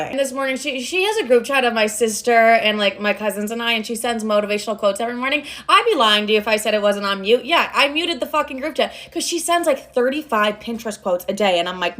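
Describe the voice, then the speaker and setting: A woman's voice: a little high, fast, few pauses, a bit bright. A young adult woman telling a casual vlog story, frank and profane, rambling with lots of fillers. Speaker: social media storyteller.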